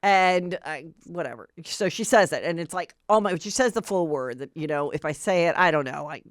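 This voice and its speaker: A middle-aged woman hosting a podcast, gossiping in a lively way and acting out what others said. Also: fairly low pitch, fairly quick, no echo, studio quality. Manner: animated gossiping, acting out quotes. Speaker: podcast host. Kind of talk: casual pop culture chat.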